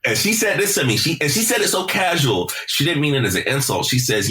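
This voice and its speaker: A man guesting on a podcast, telling stories in a casual, animated, profane way and repeating words as he starts his sentences. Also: on the high side, brisk, few pauses. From South Carolina. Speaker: podcast guest, deejay and emcee. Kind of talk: casual conversational storytelling.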